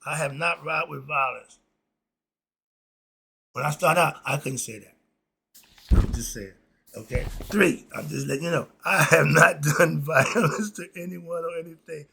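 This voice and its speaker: A man's voice: a little high, unhurried, creaky, pauses often, sharp tone, husky. A man casually reading a list of moral principles and commenting in a laid-back, chuckling way, with loose slang. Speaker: host.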